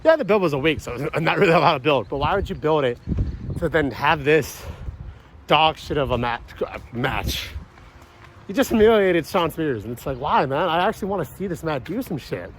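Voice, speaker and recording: A man's voice: fairly high pitch, animated, normal speed, slight background noise, low-quality recording. A man giving a casual, rambling reaction review of a wrestling event, frank and often swearing. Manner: rambling, profane, frank opinions.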